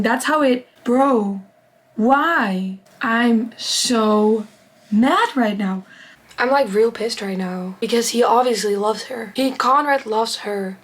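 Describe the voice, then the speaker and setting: Young woman, fairly high voice, book vlogger reading aloud with excited asides. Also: slow pace, rough recording. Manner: reads in a steady first-person narration, bursting into excited reactions. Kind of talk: reading a novel aloud with reactions.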